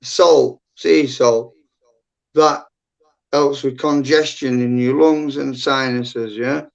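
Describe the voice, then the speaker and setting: Man, middle-aged, gravelly rough voice, rambling and blunt, muffled lo-fi stream audio. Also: mid-range voice, fairly even intonation, slow pace. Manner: rambling, blunt, heavy swearing. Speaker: livestream guest. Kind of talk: casual chat.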